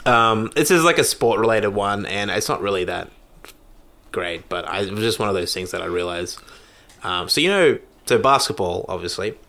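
A low-pitched Australian man with a bright, forceful tone. He rambles through casual stories, restarting sentences and poking fun at himself. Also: animated, normal speed, creaky. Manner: rambling, self-deprecating, many restarts. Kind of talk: casual chat.

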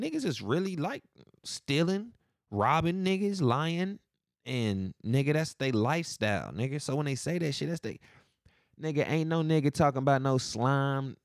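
A man hosting a casual podcast. He rants about his city and pitches himself as a real estate agent, in a profane, slangy and emphatic way. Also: creaky, darkish tone, no room sound, studio quality.

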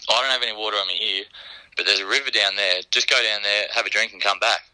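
A man's voice: on the low side, fairly even intonation, fast talker, pushed and bright, rough recording. A man voicing a cheeky, stoned monkey in a told joke, with an Australian accent. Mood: matter-of-fact.

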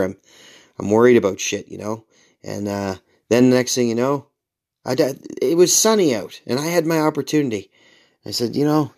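A man in his forties with a fairly low voice, talking casually through a rambling podcast story. He pokes fun at himself, swears now and then, and leaps high in pitch whenever he acts out what someone said. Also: gravelly, a little mellow. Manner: rambling and self-mocking, with mild swearing; jumps high in pitch to act out quoted lines. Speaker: podcast host.

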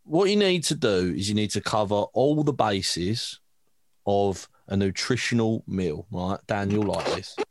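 A man's voice: fairly low pitch, expressive, measured pace. A man co-hosting a podcast in casual chat, laughing often and teasing his friends. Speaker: podcast co-host.

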